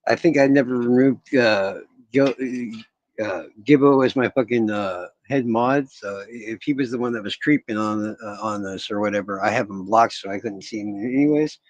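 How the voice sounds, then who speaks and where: A man's voice: fairly low pitch, moderate pace, dry recording, muffled recording. A male streamer in casual livestream talk who swears a lot and grumbles at his screen. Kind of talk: livestream talk, muttering to himself.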